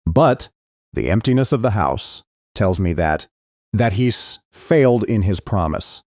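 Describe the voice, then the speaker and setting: A man's voice: on the low side, lively intonation, unhurried, a little mellow, no room sound. A man narrating a first-person thriller audiobook in a dramatic, emotional reading, close to the mic.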